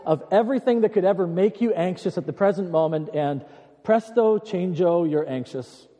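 A man preaching a sermon as pastor, earnest with dry humorous asides, slowing down and lifting his voice to stress key words. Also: high voice, dark tone. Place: church sanctuary. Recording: long church hall reverb.

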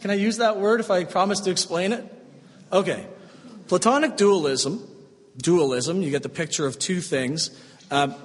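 A man preaching a sermon, swinging between strong emphasis and hushed, slow, tender passages. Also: high voice, long reverb tail. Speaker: pastor.

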